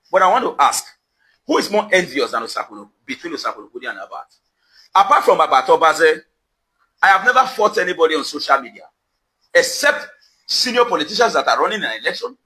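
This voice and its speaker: A man's voice: on the high side, big pitch swings, brisk, long pauses, sharp tone, poor audio. A Nigerian man delivering a confrontational direct-to-camera rant outside his house, emphatic and accusatory, repeating his questions for effect. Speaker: social media commentator. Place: outdoors at his house compound.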